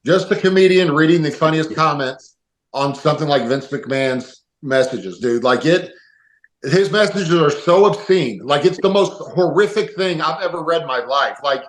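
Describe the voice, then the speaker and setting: A man's voice: on the high side, animated, normal speed. A man co-hosting a podcast, telling a crude story in a rambling, laughing way. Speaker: podcast co-host. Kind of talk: casual podcast banter. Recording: roomy echo.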